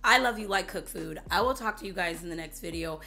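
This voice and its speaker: Female vlogger, bubbly chatty delivery, bright tone, vocal fry, faint music behind. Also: lowish voice, fast. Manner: bubbly, chatty, repeats herself for emphasis. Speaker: beauty vlogger. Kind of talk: casual chat to camera.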